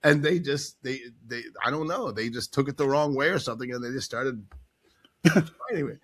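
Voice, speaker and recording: A man in casual podcast chat, telling a story with animated acted-out quotes and frequent laughs. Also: medium pitch, moderate pace. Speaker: guest storyteller.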